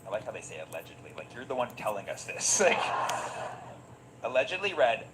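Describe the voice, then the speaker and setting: Sarcastic man with lively pitch, noisy recording. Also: a little fast. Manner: sarcastic, laughs between lines. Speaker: online commentator. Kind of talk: mocking commentary, reading texts aloud.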